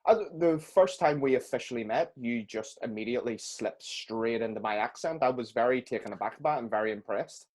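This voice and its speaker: A man's voice: mid-range voice, a little fast, few pauses, darkish tone. A man hosting a podcast, joking and self-deprecating, laughing often. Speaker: podcast host. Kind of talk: casual interview chat.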